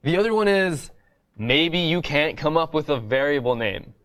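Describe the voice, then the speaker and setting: A man's voice: on the high side, lively intonation, normal speed, a bit bright, smooth. Casual man teaching a coding class. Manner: casual, repeats "right?" often, explains step by step. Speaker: coding bootcamp instructor. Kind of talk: live coding lecture.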